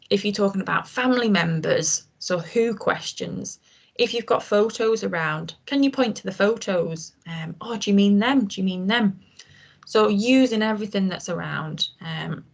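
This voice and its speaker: A woman's voice: medium pitch, creaky. A woman trainer giving an informal online lesson on communication, explaining with frequent ums and restarts.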